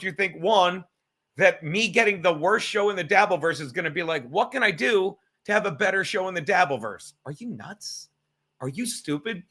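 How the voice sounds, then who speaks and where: Profane guy ranting on his stream, sarcastic and rambly, sharp bright voice. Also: a little high. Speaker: live stream host. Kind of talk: casual livestream chat.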